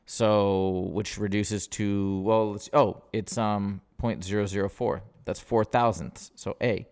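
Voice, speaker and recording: A man tutors math in a live session. He is upbeat and casual, and he talks his way through each problem out loud. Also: fairly low pitch, fairly even intonation, slow, clear, resonant tone. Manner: upbeat, casual, thinks aloud while solving. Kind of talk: live-streamed test walkthrough.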